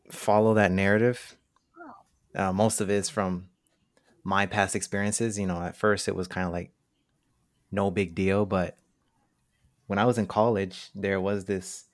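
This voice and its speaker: A man's voice: on the low side, no echo, clean studio sound. A young man, a guest on a podcast, telling stories in a laid-back casual chat and laughing easily.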